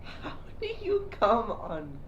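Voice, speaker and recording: Slow-talking man reacting. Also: high voice, huge pitch swings, a bit bright, lo-fi sound. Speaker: listener. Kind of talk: casual chat. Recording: echoey room with faint noise.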